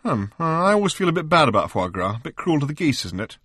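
Man voicing an excitable Englishman, high and anxious, loud exclaiming, dry close audiobook sound. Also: fast talker, breathy edge, no room sound, heavily acted. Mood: hesitant. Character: flustered, excitable Englishman, adult male.

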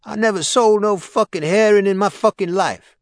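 A man voicing a panicky, defiant male drug dealer whose voice shoots high in an audiobook. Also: normal speed, no echo, clean studio sound. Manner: shrill, defiant, voice cracking high.

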